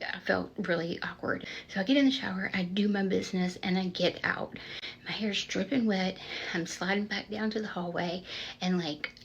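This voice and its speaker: A woman's voice: medium pitch, creaky, dull audio, a little hiss or hum. A young woman telling a personal story in a casual, chatty way, full of "like" fillers, sometimes dropping to a whisper for suspense.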